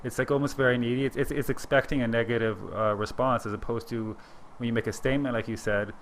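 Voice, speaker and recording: A man hosting an interview podcast, asking loose, quick questions with many fillers. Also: medium pitch, fairly even intonation, slight background noise. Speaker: podcast host. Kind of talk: casual interview talk.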